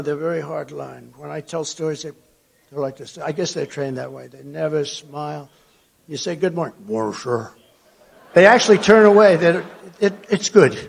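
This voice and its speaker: Older man with a high gravelly voice. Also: moderate pace. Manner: rambling, mocking asides, swings between loud and low. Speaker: political speaker at a conference. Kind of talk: rally speech. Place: large conference hall before an audience.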